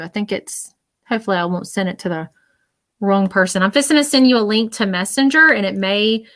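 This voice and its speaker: Speaking in a mid-range, slightly bright voice, a psychic medium conducts a live-streamed reading. Her delivery wanders, full of "um" and "you know," as she talks straight to her viewers in a reassuring way.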